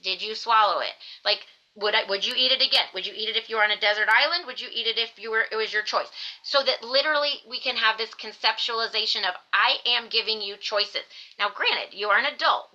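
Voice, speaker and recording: Animated bright-voiced woman telling stories. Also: on the high side, muffled recording. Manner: animated, acts out quoted voices. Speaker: podcast guest, dietitian. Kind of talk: casual storytelling interview.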